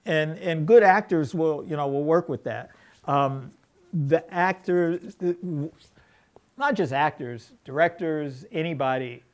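A middle-aged American film director, appearing as a guest in an interview, tells stories animatedly in a voice on the high side. He acts out quoted dialogue and restarts his sentences often.

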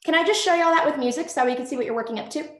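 A woman's voice: sits high, very fast, fairly bright tone. A young woman teaching a virtual dance workshop in a chatty, upbeat way over a video call, out of breath and full of fillers. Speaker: dance instructor. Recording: echoey room.

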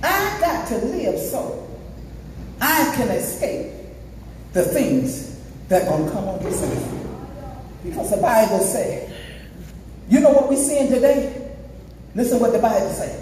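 A woman's voice: on the high side, sing-song, unhurried, long pauses, a little mellow, slight background noise. Emphatic woman preacher in an echoey church. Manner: emphatic call-and-response preaching, half-singing phrases. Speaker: evangelist preacher. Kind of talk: sermon. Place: church sanctuary. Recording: echoey church hall from far off.

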